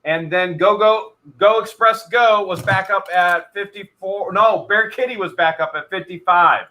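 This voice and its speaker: Talking straight to the chat, the host of a storage auction stream keeps his energy high and tends to repeat himself. His voice is high-pitched and sharp, and he takes his time.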